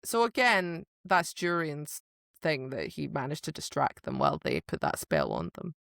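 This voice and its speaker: Give me a woman chatting on a book podcast, animated and expressive, in a dry, close recording. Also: sits low, normal speed, gravelly, no echo. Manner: animated retelling, acts out characters' lines. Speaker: podcast co-host. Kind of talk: casual book-club chat.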